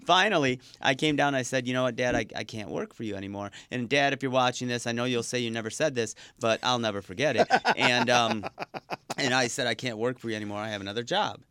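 Male podcast host from Michigan, medium pitch, earnest and reflective, dry close studio mic. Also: fast talker, a bit bright, clean tone, no room sound. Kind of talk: casual interview chat.

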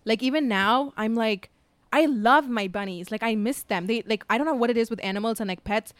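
A woman's voice: on the high side, fairly quick, dry recording. A woman in her twenties chatting casually, full of fillers and the odd swear. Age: 20s. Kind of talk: casual chat.

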